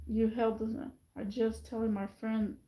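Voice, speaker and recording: A woman vlogging in a casual, rambling monologue, chatty and animated, often mimicking other people's voices. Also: fairly high pitch, a little slow, roomy sound, rough recording.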